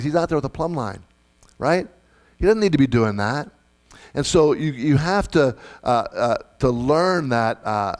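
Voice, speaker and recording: A pastor delivers a conversational sermon in a mid-pitched man's voice. He often restarts phrases and checks in with the listeners, and he acts out the people in his examples. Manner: conversational, repeats words, often asks "right?".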